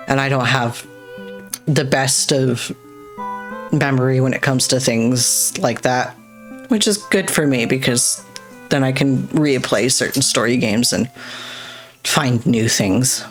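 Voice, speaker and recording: A sleepy gamer wraps up a story game with loose, rambling, self-deprecating chat. The voice sits at a middle pitch, and soft game music plays faintly behind. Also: a little slow. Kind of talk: casual gameplay commentary.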